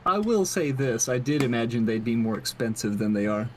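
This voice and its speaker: Lively man speaking formally in character. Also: medium pitch, fairly quick, slight background noise. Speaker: player. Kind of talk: in-character table talk.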